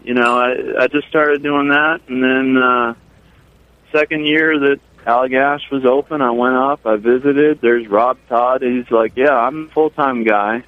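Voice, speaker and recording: A brewer calling in by phone, chatting casually and telling relaxed stories about his brewery. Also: mid-range voice, unhurried, no echo. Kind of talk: casual radio chat. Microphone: phone line. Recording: tinny phone line.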